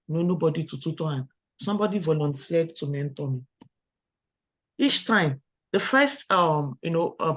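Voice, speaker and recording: A middle-aged Nigerian woman giving a webinar talk, firing rhetorical questions at the audience and telling lively personal stories. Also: low voice. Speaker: academic webinar speaker. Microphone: video call. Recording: dull lo-fi online call audio.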